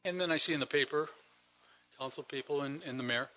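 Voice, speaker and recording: A man's voice: fairly high pitch, fairly quick, sharp tone. An older man giving an indignant public comment to a town council, firing rhetorical questions with emphatic stresses. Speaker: citizen delegate at council meeting.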